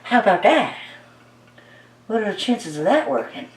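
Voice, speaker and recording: Coaxing her paint along, a woman narrates her pouring with playful chatter and easy delight. Her medium-pitched voice swings widely in pitch at a normal speed, recorded from a distance in an echoey room with the mic set back.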